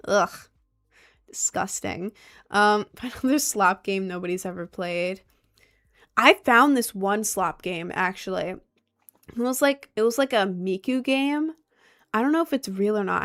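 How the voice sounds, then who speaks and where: A young woman live streaming from her chair at home, chatting casually and sarcastically with her chat, full of "like" and laughs. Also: mid-range voice.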